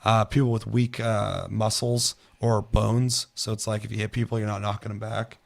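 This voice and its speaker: Gravelly dude on a gaming podcast, swears a ton, acts out stories loud. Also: male voice, lowish voice, normal speed. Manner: profane, animated storytelling with shouted put-on quotes. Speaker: podcast co-host. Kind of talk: casual gaming chat.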